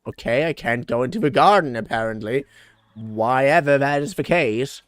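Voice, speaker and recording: Brief: playful streamer guy, lively pitch, dry close mic, faint music. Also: normal speed, dry recording. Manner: chatty, playful, scattered. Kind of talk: casual game commentary.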